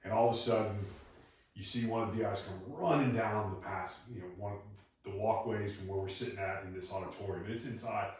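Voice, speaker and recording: A man's voice: lowish voice, brisk. A man hosting a podcast, telling stories in a laid-back, easygoing way. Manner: laid-back storyteller, laughs easily. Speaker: podcast host. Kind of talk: casual interview conversation. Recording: echoey room, far from the mic.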